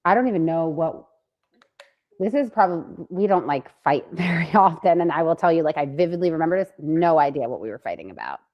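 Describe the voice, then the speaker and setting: A woman co-hosting a podcast and telling a story in a casual, animated way, swearing freely. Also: low-pitched, brisk, muffled recording. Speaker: podcast co-host.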